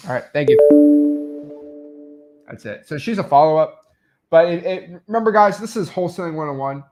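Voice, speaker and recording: A man's voice: on the high side, lively intonation, a little fast, over loud music. A young man coaching wholesaling in a loose, rambling tutorial, full of fillers and restarts. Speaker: real estate wholesaling coach. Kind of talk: casual screen-recorded tutorial.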